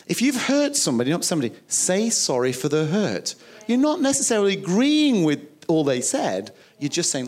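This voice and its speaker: A man's voice: a little high, sing-song, fast talker, few pauses, a little mellow. A man preaching a sermon, emphatic and conversational, acting out little quoted dialogues. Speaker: pastor.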